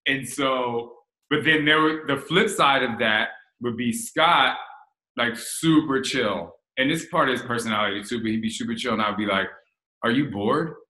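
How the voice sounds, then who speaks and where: A man's voice: medium pitch, normal speed, roomy sound, poor audio. A man in his forties from New Jersey, hosting a casual chat and candidly telling stories from his relationship. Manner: candid, animated storyteller. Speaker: host.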